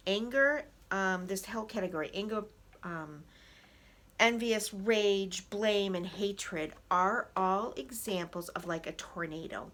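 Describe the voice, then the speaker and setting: Bright-voiced, animated woman coach. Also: medium pitch. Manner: animated, acts out angry inner voices with gritted emphasis; direct, addresses listeners as "people". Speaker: emotional wellness coach and inspirational speaker. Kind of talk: motivational talk to viewers.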